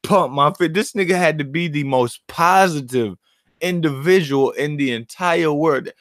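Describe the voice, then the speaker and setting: A man's voice: on the high side, measured pace, no room sound, studio quality. A man hosting his own channel, giving casual, profane, laughing commentary on boxing. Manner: animated, profane, laughing banter.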